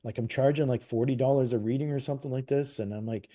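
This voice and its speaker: A Canadian man with a mellow, warm voice tells a personal story as an interview guest. He slips into the voices of the people he quotes and talks loosely, full of "like" and false starts. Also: medium pitch, fast. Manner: animated retelling, acts out quoted dialogue, frequent "like" and restarts. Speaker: interview guest, psychic medium. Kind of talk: casual storytelling.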